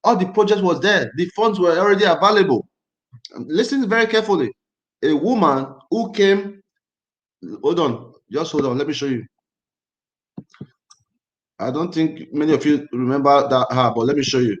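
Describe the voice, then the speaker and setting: A man originally from Nigeria hosts a casual livestream, tense and angry, hammering his points home by repeating them. His voice sits high for a man. The room gives it a noticeable echo. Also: expressive, moderate pace, pauses often, muffled recording. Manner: emphatic, repetitive, agitated. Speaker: livestream host.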